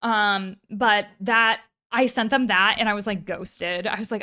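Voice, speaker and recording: A woman streamer co-hosting a podcast in casual chat, animated and rambling, swearing freely. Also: mid-range voice, measured pace, hardly any pauses.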